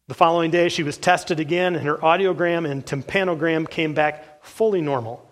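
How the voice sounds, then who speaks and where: A man preaching a sermon as pastor, reading case accounts aloud from a book in an earnest, steady way with the odd "uh". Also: on the high side, moderate pace.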